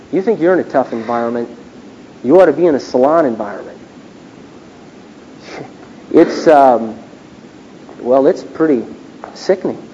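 A pastor delivers a chatty, story-driven sermon, slipping into the voices of people he talks about. His voice is mellow and dark. The recording is dull and lo-fi with a faint hiss behind it. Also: on the high side. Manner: conversational, storytelling, acts out dialogue.

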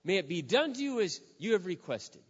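A curt old priest brushes off a weeping woman, put on by a preacher. The voice jumps high and loud. The recording is dull, with long hall reverb. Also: big pitch swings, brisk. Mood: dismissive. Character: gruff, insensitive old male priest. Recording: echoey hall, dull lo-fi sound.

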